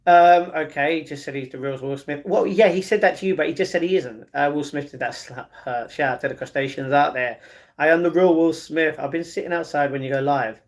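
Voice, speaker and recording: A man hosting a casual livestream, reading viewer comments aloud and answering them in an easygoing way, often stumbling and restarting his sentences. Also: a little high. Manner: chatty and easygoing, with halting restarts. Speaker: livestream host.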